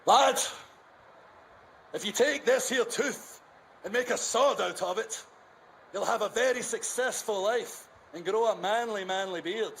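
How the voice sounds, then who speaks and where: A woman's voice: medium pitch, unhurried, gravelly, fairly bright tone, a little hiss or hum, pitched above the performer's own voice. A man voicing the female Loch Ness Monster with a Scottish accent, speaking in a grand, prophetic way.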